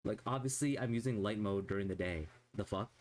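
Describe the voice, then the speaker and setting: A man's voice: fairly low pitch, brisk, darkish tone. Ranting, profane male streamer. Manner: rambling, swears constantly, exasperated ranting. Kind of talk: casual livestream chat.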